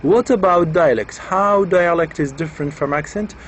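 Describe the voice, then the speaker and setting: A man's voice: a little high, normal speed, a little hiss or hum, poor audio. A man giving an explanatory lecture, patiently repeating and rephrasing each point with examples.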